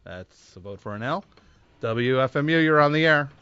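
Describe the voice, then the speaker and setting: A man's voice: mid-range voice, expressive, moderate pace, bright, forceful tone. A man hosting a call-in radio show, sarcastic and exasperated, mocking his callers. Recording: slightly dull studio recording.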